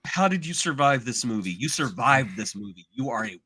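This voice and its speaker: A man co-hosting a podcast in casual, animated chat, exaggerating and slipping into mock voices. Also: mid-range voice, brisk, a little hiss or hum. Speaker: podcast co-host.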